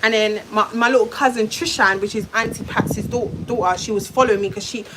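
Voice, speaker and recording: A woman's voice: mid-range voice, fairly even intonation, fast, noisy background. A woman on a live stream, telling her viewers a heated personal story in a blunt, swearing, direct way. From London. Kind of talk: emotional live-stream rant.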